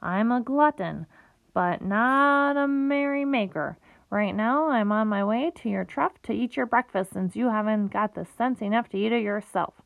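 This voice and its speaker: A woman's voice: a little high, moderate pace, gravelly, no echo. A woman voicing a crafty, gluttonous male rat who talks in a sour, scornful way, on a tinny phone-like recording.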